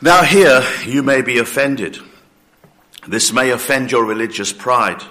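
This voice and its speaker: A man preaching a sermon with slow, emphatic delivery, short of breath and coughing now and then, voicing his listeners' doubts. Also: medium pitch, lively intonation, pushed and bright.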